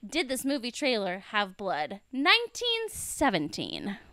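A woman's voice: on the high side, unhurried, no room sound. A woman co-hosting a casual podcast, reading out research with jokes and running a quiz. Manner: animated, reads research aloud with jokes. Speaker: podcast co-host.

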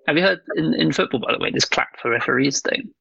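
Male podcast co-host, gravelly, rambling, swears freely, lots of ums. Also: a little high, quick pace, bright, forceful tone, no echo, highs cut off. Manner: rambling, swears casually, frequent ums and laughs. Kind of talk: casual chat.

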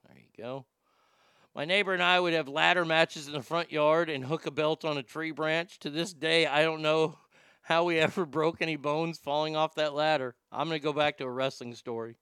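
A man around forty, a podcast host, telling blunt, profane stories in a casual and animated way. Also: a little high, normal speed, clear, resonant tone, no echo, clean studio sound. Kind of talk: casual storytelling chat.

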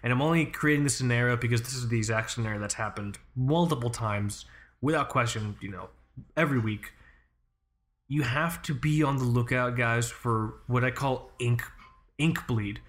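Dude hosting a watch podcast, rambles a lot, swears, says like and you know constantly, normal middle pitch. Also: male voice, fairly bright tone. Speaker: podcast host and Soviet watch expert. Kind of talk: casual podcast chat.

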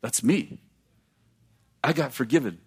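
A man preaching a sermon, reading scripture aloud and breaking off into quick, animated asides to the congregation. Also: mid-range voice, slightly rough.

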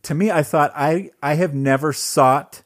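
A man's voice: fairly high pitch, a little slow. A man co-hosting a podcast, telling personal stories in an earnest, reflective, casual way. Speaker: podcast co-host. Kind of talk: casual chat, personal storytelling.

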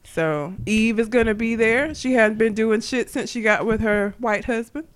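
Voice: medium pitch, normal speed, clean tone. A co-host in casual chat, talking bluntly with lots of swearing and frequent laughs. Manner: blunt, profane, laughs often.

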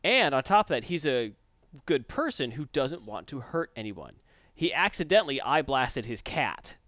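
A man's voice: medium pitch, big pitch swings, normal speed, a bit bright, no room sound, highs cut off. A man in casual chat, recapping a comic book plot in a rambling way with many fillers and restarts.

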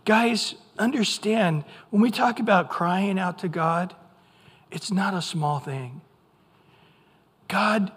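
An older man with an American accent, a pastor preaching a sermon in an animated way, acting out voices now and then. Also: high voice, breathy edge. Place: church sanctuary. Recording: long hall reverb.

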